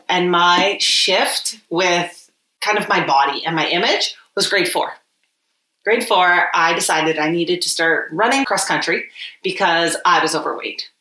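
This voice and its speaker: Woman guest, bright-toned, open personal storyteller, recorded in an echoey room. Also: lowish voice. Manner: open and reflective, many "like" fillers. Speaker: podcast guest. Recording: roomy echo.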